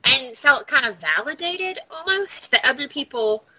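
Woman co-host, high voice, bright and breathy, rambly chat packed with fillers. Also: expressive, normal speed, low-quality recording. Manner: rambling, filler-heavy with constant "like". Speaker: podcast co-host. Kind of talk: casual chat.

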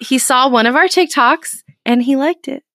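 A woman co-hosting a podcast in casual chat, excitable and giggly. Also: high voice, moderate pace, dry recording, clean studio sound. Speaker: podcast co-host.

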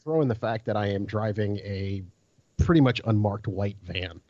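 A man's voice: fairly low pitch, expressive, normal speed, mellow, no room sound. A man co-hosting a podcast in casual chat, speaking with a wry, dry humor. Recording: dull, lo-fi, dry.

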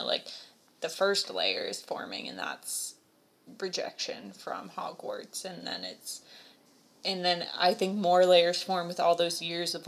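Thoughtful young woman, low voice. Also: creaky, fairly bright tone. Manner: thoughtful, reasoning aloud, giggly. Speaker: podcast co-host. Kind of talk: casual chat.

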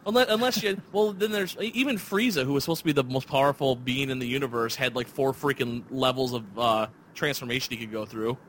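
A man's voice: mid-range voice, fast, few pauses, fairly bright tone, slight background noise. A man hosting a casual podcast chat, talking with enthusiasm and rambling through restarts. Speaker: podcast host.

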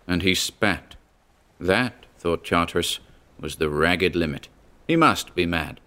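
A man narrating a story in a measured, even reading. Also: low-pitched. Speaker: audiobook narrator. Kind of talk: scripted narration.

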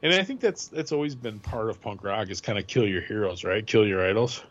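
A man with a somewhat low voice chats casually, with frequent quick restarts. The audio is muffled and lo-fi. He sounds like a podcast co-host trading stories. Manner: quick, conversational, stumbling restarts. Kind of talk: casual chat about music. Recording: dull lo-fi audio.

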